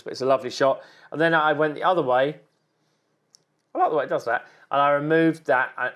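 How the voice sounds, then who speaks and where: A man, a wildlife photographer giving chatty, encouraging critiques of viewers' photos with many ums and repeated words. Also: mid-range voice. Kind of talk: casual on-screen photo critique.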